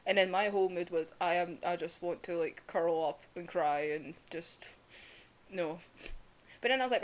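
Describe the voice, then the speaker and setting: A woman's voice: medium pitch, sing-song, moderate pace. A young woman, ranting casually and emotionally in a vlog, laughing often and swearing. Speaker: vlogger reviewing manga.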